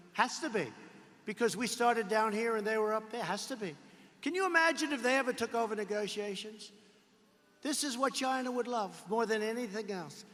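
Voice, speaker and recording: A man's voice: very high voice, pushed and bright. A man giving a political rally speech in a large arena, emphatic, repetitive and digressive. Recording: reverberant arena hall.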